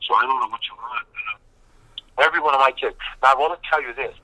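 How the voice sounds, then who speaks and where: A man talks casually as an interview guest. His voice is bright and forceful, and the sound is dry and close. He rambles and repeats himself for emphasis. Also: mid-range voice, quick pace, dry recording, lo-fi sound. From Boston. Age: 50s. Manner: rambling, emphatic storytelling with repetition.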